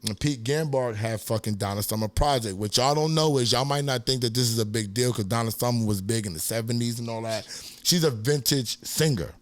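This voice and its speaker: A New York man with a New York accent is a guest on a podcast, telling stories casually and profanely. His medium-pitched voice is fairly quick with hardly any pauses, there's no room sound, and he animatedly acts out what others said in a raised voice.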